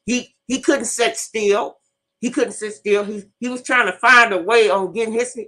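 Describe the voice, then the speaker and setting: A woman host and teacher telling an animated, profane story in casual live talk, repeating herself as she goes. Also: mid-range voice.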